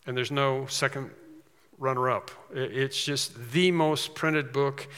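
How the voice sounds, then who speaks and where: Male pastor, earnest emphatic sermon delivery, bright ringing voice, church-hall echo. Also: mid-range voice, fairly even intonation, slow pace, clean tone. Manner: earnest, emphatic preaching with rising stresses.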